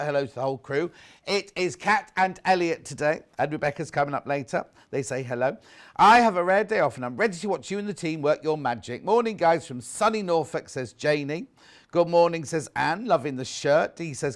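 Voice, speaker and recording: A man presenting a live TV shopping show, chatting casually and reading out viewer messages. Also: fairly high pitch. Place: TV studio.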